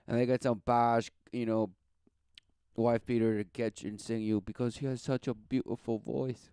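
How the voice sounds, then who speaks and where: A man's voice: medium pitch, little pitch movement, normal speed, warm tone, smooth, dry recording, clean studio sound. A man giving a rambling, sarcastic, preachy commentary as he reacts to a podcast clip. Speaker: religious commentator.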